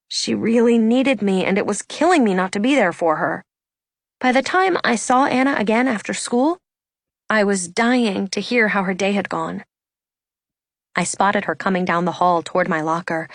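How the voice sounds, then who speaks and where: A woman narrating a first-person story aloud with expressive, emotional delivery. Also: mid-range voice, no room sound, studio quality. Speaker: audiobook narrator.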